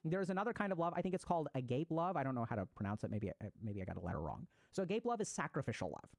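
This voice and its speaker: A mental health speaker gives a recorded talk on attachment styles, explaining psychological ideas and acting out everyday examples. His voice is a little high and gravelly, with big pitch swings and very fast delivery. The recording is dry.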